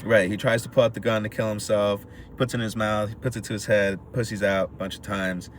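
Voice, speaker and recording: Talking quickly in a low register, this podcast co-host runs through a film recap in casual chat. He tells it energetically, playing out the characters' lines, with a little hiss or hum audible.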